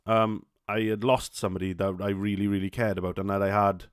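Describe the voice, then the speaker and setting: A man's voice: fairly low pitch, little pitch movement, a little fast, smooth, no echo, clean studio sound. A young man with a Welsh accent hosting a solo podcast, talking casually with many fillers, restarts and swear words. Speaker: podcast host.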